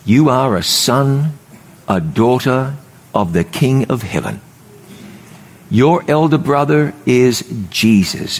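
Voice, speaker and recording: Fervent preacher, pitch soaring on emphasis. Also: male voice, vocal fry, a little mellow, husky. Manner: fervent, rises to high emphatic pitch on key words; slows and drops low for solemn storytelling. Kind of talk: sermon.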